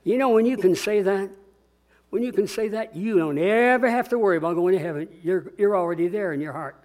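An older man preaching a sermon as pastor, earnest and swinging between quiet reflection and rousing call-and-response. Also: high-pitched, a little fast.

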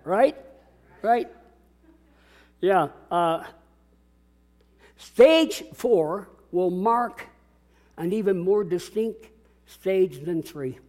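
A man's voice: high-pitched, darkish tone. A man preaching a sermon as a pastor, dramatic and calling out to his congregation. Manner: dramatic, call-and-response preaching.

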